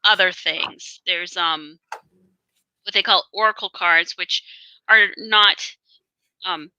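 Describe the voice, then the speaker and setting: Bright-voiced female podcast co-host. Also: on the low side, slow pace, clear, resonant tone, no echo, muffled recording. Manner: explaining with many fillers. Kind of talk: casual podcast chat.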